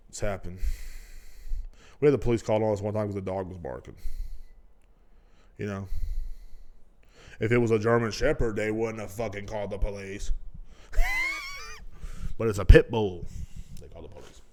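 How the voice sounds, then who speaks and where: A man's voice: fairly low pitch, a little fast, long pauses, darkish tone. A man hosting his own podcast, talking bluntly in a casual monologue full of swearing. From United States. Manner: blunt, ranting, heavy swearing. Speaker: podcast host. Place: at home indoors.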